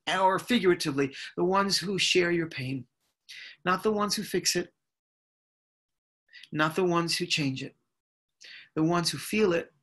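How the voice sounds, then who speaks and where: A man from Brooklyn giving an inspirational speech over a video call, in deliberate, repetitive, rhythmic phrases. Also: sits high, fairly bright tone. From United States (Brooklyn, New York). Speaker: inspirational speaker.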